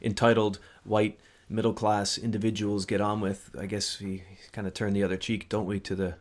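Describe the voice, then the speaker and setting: A man's voice: lowish voice, level tone, normal speed. A man co-hosting a book discussion podcast in casual, rambling chat. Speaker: podcast co-host.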